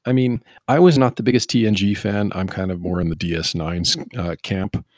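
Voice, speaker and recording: A man co-hosting a casual podcast chat, rambling and riffing with animated asides. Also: deep voice, brisk, no echo, clean studio sound.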